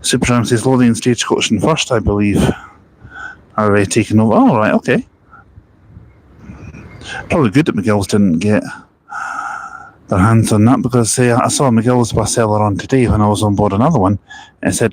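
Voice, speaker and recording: A man's voice: fairly low pitch, normal speed, long pauses, a little mellow, rough recording. A Scottish man chatting casually on an outdoor live stream while walking, reading viewer comments aloud, rambling with self-deprecating asides, on a small wireless mic. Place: outdoors at a bus park-and-ride, walking. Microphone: small wireless mic on phone stream.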